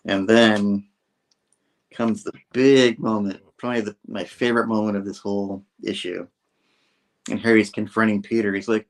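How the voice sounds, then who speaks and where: Animated man retelling a comic. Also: moderate pace. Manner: acts out character lines with raised pitch. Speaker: comic book reviewer. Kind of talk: casual chat retelling a comic.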